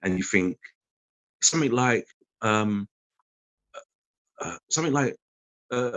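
A podcast guest rambles through casual chat, an animated storyteller acting out quotes as he goes. His mid-range voice moves at a measured pace with frequent pauses. The lo-fi recording sounds dull but has no echo.

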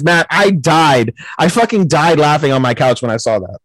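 A man's voice: fairly high pitch, animated, moderate pace, a bit bright, no echo, poor audio. A young man co-hosting a podcast, recapping an anime episode in a casual, rambling, profane way and acting out the characters' lines. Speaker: podcast co-host.

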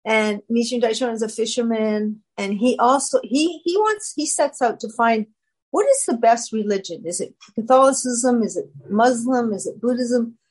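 Woman with a husky kinda high voice, chatty storyteller, does the voices. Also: moderate pace, low-quality recording. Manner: animated, acts out quoted voices. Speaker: guest. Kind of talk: casual personal storytelling.

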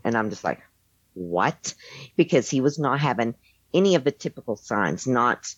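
A woman's voice: rumbling low, big pitch swings, normal speed, husky, no room sound. A woman telling a personal story in a casual, rambling way, full of fillers and restarts. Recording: dull lo-fi dry sound.

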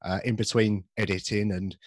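A man's voice: lowish voice, steady tone, normal speed, dry recording, clean studio sound. A man co-hosting a podcast in casual chat, jokey and rambling about films. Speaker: podcast co-host.

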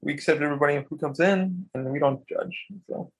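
A man co-hosting a podcast in casual chat, rambling and excitable, swearing a lot and acting out what people said. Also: fairly high pitch, brisk, husky. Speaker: podcast co-host.

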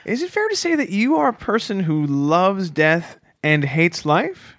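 A man co-hosting a comedy podcast, riffing in a playful, mock-serious way. His voice sits a little high and swings widely in pitch. The sound is close and dry. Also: sing-song, measured pace, fairly bright tone, no room sound. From Canada. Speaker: podcast co-host. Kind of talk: improvised comedy chat.

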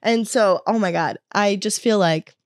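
A woman's voice: medium pitch, a little slow, no room sound. Young woman vlogger, confessional and candid, swears freely, dry close sound. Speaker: wellness vlogger. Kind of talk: confessional storytelling.

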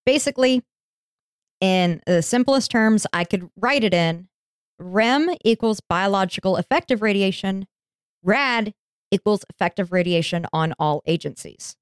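A woman's voice: fairly low pitch, clean tone, dry recording, clean studio sound. A woman hosting a podcast, telling a history story in a chatty, informal way and swearing casually. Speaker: podcast host.

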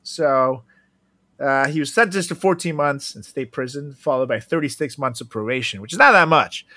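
A man's voice: mid-range voice, normal speed, bright, forceful tone, dry recording. A man co-hosting a podcast, chatting casually, laughing often and swearing freely. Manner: giggly, laughs often while talking. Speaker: podcast co-host. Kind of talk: casual chat.

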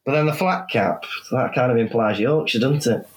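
North welsh man, faint manchester accent, mid pitch, playful guest chat. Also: moderate pace, husky. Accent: Welsh softened by Manchester. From North Wales. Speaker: podcast guest, panto performer. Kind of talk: casual chat.

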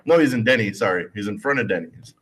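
A man's voice: on the low side, animated, fast, fairly bright tone, slightly rough. A man co-hosting a podcast, telling a story in a laid-back way, full of "I was like" retellings. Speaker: podcast co-host. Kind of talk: casual storytelling.

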